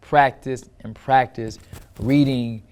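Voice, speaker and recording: A middle-aged man teaching how to write and perform a personal story, with expressive shifts in loudness and pitch and repetition for emphasis. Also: slow pace, clear, resonant tone. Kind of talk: instructional talk to camera.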